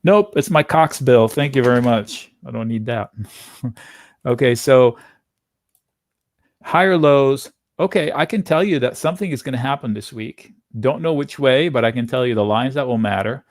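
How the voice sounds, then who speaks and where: A man in a dry, close-miked room hosting a live trading stream. He talks casually and thinks out loud, jumping from point to point as he reads charts. His pitch sits mid-range for a man. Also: moderate pace, dry recording. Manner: casual, chatty, thinks aloud while reading charts. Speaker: options trading webinar host. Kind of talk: live market commentary.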